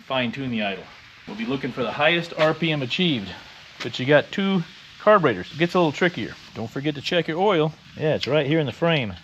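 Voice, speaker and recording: A man's voice: on the high side, animated, a little fast, fairly bright tone, highs cut off, slight background noise. An older man wisecracking bluntly as he walks through a motorcycle repair in his garage, in casual how-to narration. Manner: wisecracking, blunt, explains as he works. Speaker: motorcycle restorer.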